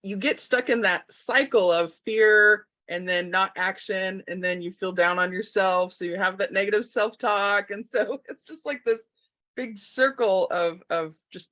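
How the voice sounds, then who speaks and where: Slow, bright-voiced woman host. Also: medium pitch. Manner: thoughtful, searching for words. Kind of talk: interviewer commentary.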